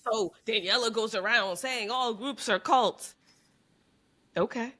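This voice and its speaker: A woman's voice: on the high side, takes it slowly, pushed and bright. A woman guest on a podcast, speaking earnestly in long, run-on explanations in casual conversation.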